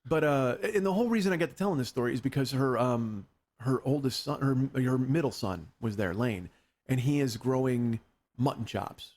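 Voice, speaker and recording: A man's voice: mid-range voice, moderate pace, a little mellow. A man in his forties, a podcast host, telling rambling, profane stories in casual chat, laughing as he goes. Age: 40s. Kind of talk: casual comedic storytelling.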